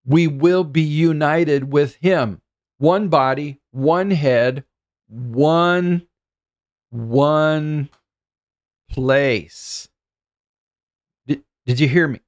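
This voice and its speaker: A man's voice: a little high, drawn-out words, pauses often. A middle-aged man preaching a sermon as pastor, earnest and thinking aloud, often repeating words as he goes.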